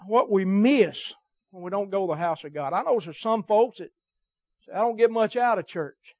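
A man's voice: high-pitched, moderate pace, a little mellow, no room sound. A man preaching a sermon to his church, emphatic and cadenced, his volume swelling and dropping. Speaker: pastor. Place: church service.

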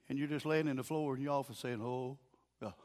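An older man with a Southern US accent preaching a sermon in a folksy storytelling way, dropping low and quiet, then rising to shouts. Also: fairly even intonation, brisk.

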